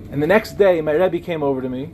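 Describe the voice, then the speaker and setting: A young man teaching as a rabbi, telling personal stories in an animated way with humorous asides. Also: fairly high pitch, quick pace, background noise. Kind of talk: Torah lecture with personal stories.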